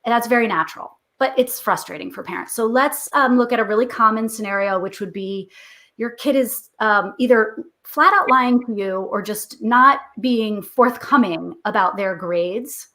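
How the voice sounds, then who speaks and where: A woman's voice: fairly high pitch, normal speed, sharp tone. A middle-aged woman, a guest author, explaining parenting advice in a chatty interview, acting out what parents and kids say. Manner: chatty and explanatory, acts out parent and kid lines.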